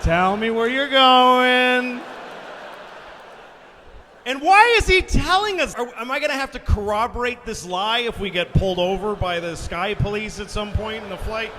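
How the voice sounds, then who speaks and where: A man's voice: high voice, expressive, brisk, hardly any pauses, pushed and bright. A male stand-up comedian telling a story in an exasperated, sarcastic way on a large concert hall stage. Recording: live concert hall, long reverb, audience noise.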